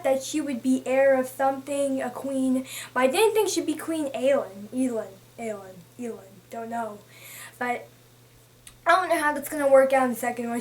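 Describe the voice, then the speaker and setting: High-voiced chatty young woman. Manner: chatty and excitable, thinking aloud with many restarts. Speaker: book vlogger. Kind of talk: casual book talk.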